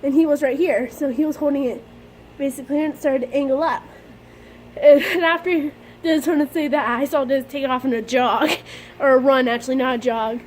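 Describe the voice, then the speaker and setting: A young woman casually telling a story to her vlog camera, excitable and a bit dramatic, often giggling. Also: sits high, a little fast, slight background noise. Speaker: vlogger.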